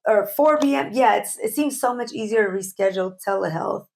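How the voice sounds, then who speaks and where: A woman's voice: medium pitch, a little fast, vocal fry, a little hiss or hum. A young woman co-hosting a podcast, telling stories in casual chat and laughing often. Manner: animated storyteller, laughs often. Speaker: podcast co-host.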